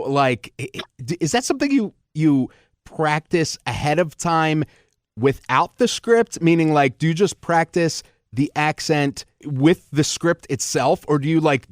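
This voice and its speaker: Halting male interviewer, dry sound. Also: a little high, dry recording. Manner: rambling, halting questions. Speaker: interviewer host. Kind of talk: casual interview chat.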